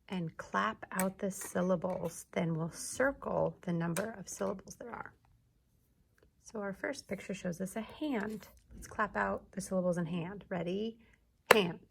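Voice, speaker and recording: A woman teacher giving a video lesson to young children, sounding out words slowly and clearly. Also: mid-range voice, background noise. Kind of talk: early-grades classroom video lesson.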